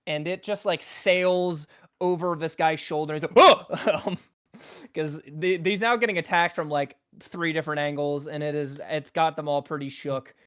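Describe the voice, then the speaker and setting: A man's voice: a little high, steady tone, moderate pace, fairly bright tone, clear, resonant tone. A man narrating as game master in a casual tabletop game, rambling with lots of ums and laughs.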